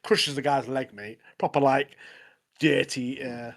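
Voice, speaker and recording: A man co-hosting a podcast, talking in a relaxed way and trailing off with fillers. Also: mid-range voice, a little slow, vocal fry. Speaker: podcast co-host. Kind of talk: casual chat.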